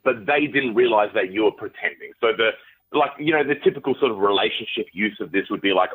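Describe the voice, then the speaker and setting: A man calling in as a guest, explaining a social media trend in a relaxed way. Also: fairly low pitch, fast, husky. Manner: relaxed explaining, with uh fillers and laughs. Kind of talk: casual explainer chat. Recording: phone line.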